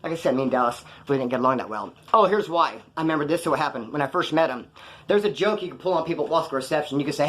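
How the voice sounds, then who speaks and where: A man's voice: a little high, expressive, rapid-fire, fairly bright tone. A man casually telling prison stories to camera in a rambling, slangy way, acting out quoted dialogue.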